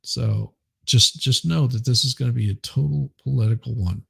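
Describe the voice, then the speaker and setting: A man's voice: medium pitch, moderate pace, gravelly, breathy edge, no echo, clean studio sound. A man hosting a live stream, rambling casually and chuckling as he reads chat. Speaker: livestream host.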